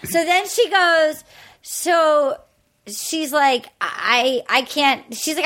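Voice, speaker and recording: A high-pitched woman in casual podcast chat. She recaps a dating show scene by scene and plays out each line of dialogue herself. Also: pushed and bright. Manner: retells scenes by acting out both sides of the dialogue. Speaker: podcast co-host.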